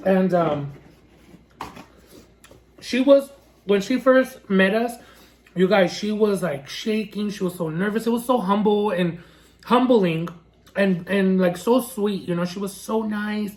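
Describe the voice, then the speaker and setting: Man, food vlogger, story time, indignant, chatty, fairly high voice. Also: slow, long pauses. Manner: animated, indignant storytelling with lots of fillers; re-enacts dialogue in shifting voices.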